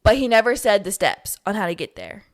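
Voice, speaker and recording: Young woman telling a lively story. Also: medium pitch, brisk. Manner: animated storyteller, heartfelt. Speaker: podcast guest. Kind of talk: casual faith chat.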